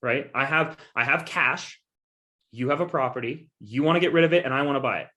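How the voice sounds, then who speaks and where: A man's voice: medium pitch, brisk, pushed and bright. A man giving a coaching presentation on investing, talking to his audience in an emphatic, persuasive and casual way. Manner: emphatic and persuasive, with frequent repeated assurances; casual, addresses listeners directly as "guys". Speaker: guest speaker on real estate investing.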